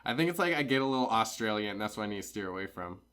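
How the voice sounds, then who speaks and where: A man's voice: on the low side, expressive, very fast, fairly bright tone. A young man co-hosting a podcast in casual chat, joking and laughing at himself. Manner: joking, laughs often, self-mocking. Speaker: podcast co-host.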